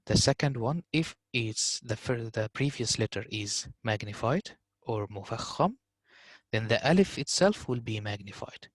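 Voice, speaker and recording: Male tutor, mid-pitched, dry recording; demonstrates sounds, repeats them slowly, casual asides to students. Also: no room sound. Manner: hesitant fillers, informal address to students. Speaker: Quran recitation teacher. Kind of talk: online tajweed lesson.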